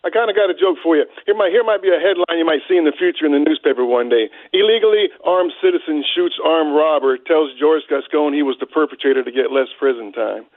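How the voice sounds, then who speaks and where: A man calling in to a radio show, loud and jokey, over a phone line. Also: fairly high pitch, fast, hardly any pauses, dry recording. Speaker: caller. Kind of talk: telling a joke on a call-in show. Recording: dry tinny phone line.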